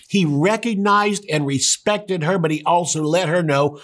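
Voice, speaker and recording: A man's voice: a little high, fairly bright tone. A man preaching a sermon, emphatic, rising and speeding up to stress his points. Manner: emphatic, rises and quickens when stressing a point.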